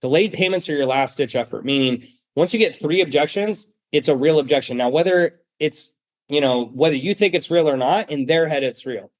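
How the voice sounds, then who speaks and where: A man's voice: a little high, fairly quick. A man coaching on sales in a blunt, emphatic way, acting out bits of customer dialogue as he teaches. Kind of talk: sales training talk.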